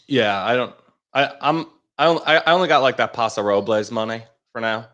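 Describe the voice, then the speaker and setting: A man's voice: mid-range voice, a little fast, a bit bright, dull audio. A man chiming in from off to the side with dry, joking remarks in a casual chat.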